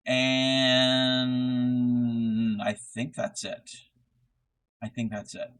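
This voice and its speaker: A man hosting a crafting live stream, chatting casually while he crochets. He rambles in a low-key way, with lots of fillers and restarts. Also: fairly even intonation, very slow, sharp tone, clear, resonant tone, low-quality recording.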